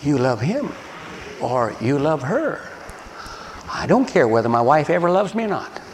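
A man's voice: a little high, moderate pace, a little hiss or hum. Older preacher man in a hall. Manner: animated storyteller who laughs and acts out voices. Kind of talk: sermon with storytelling. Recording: long echo of a large hall, faint ambience.

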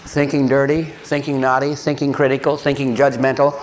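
An older man preaching a sermon, telling a story with animated voices and laughter. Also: mid-range voice, fairly quick, slight background noise. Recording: long echo of a large hall, faint ambience.

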